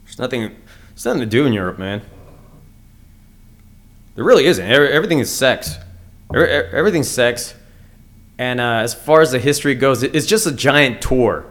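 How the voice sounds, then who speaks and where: An American young man hosts his own comedy podcast, delivering a blunt, crude solo rant. His mid-range voice is a bit bright with lively intonation, a little fast, broken by long pauses, and he stumbles and restarts constantly.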